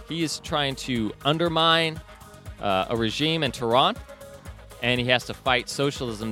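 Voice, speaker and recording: A man's voice: medium pitch, bright, forceful tone. Man hosting a news commentary podcast. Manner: reads book passages aloud, asides. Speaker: podcast host.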